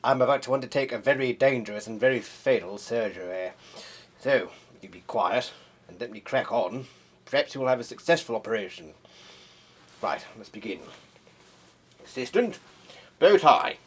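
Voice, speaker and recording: A man's voice: medium pitch, animated, moderate pace, pauses often, husky. A man voicing a fussy, pompous male surgeon who barks orders in a flustered way. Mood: bossy. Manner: bossy, flustered, barking orders. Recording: loud music under voice.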